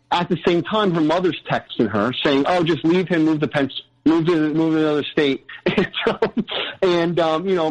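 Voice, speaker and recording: A man with a fairly high voice tells his story in casual conversation. He is earnest and rambles through restarts, fillers and side tangents. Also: highs cut off. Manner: earnest, frequent "you know".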